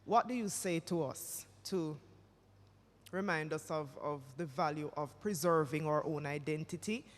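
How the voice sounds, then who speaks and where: Measured questioner in an echoing hall. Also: medium pitch. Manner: measured, long wordy questions. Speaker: audience moderator asking questions. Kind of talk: formal questions at a symposium. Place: symposium hall. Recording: reverberant hall with faint noise.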